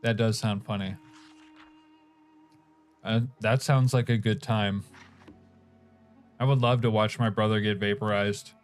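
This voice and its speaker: Low-pitched guy live streaming, chats with viewers while munching, soft music under it. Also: fairly even intonation, measured pace, long pauses. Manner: reads chat aloud, chuckling, talks while eating. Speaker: game streamer. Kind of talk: casual live-stream chat.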